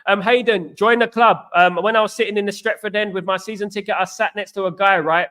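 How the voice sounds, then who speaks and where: A man from East hosts a fan stream, talking in an animated, rambling way. He is middle-aged, and his voice sits high and sounds bright. He tells stories and answers comments with lots of repetition. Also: fast talker, clean tone. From East London, England. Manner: animated, repetitive, chatty storyteller. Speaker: fan channel host. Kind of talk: live-stream fan chat reading comments.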